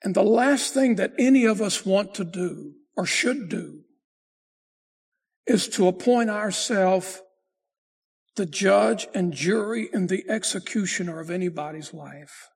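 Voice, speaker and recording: Raspy high-voiced preaching pastor. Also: male voice. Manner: preaching with emphatic rises and slow drawn-out phrases. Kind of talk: sermon.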